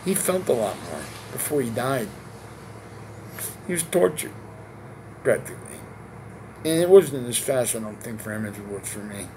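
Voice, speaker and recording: A man in his forties from Connecticut vlogs alone to camera in a long, rambling monologue full of swearing, repetition and rhetorical questions. His mid-range voice moves at a normal speed with frequent pauses. Background noise is audible.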